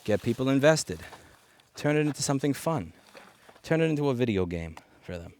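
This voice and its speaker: A man's voice: medium pitch, very animated, a little fast, a little mellow. A man talking off the cuff into a headset mic outdoors while picking up litter, blunt and ranting, with sarcastic asides. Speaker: repair activist vlogger. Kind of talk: off-the-cuff monologue. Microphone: headset microphone.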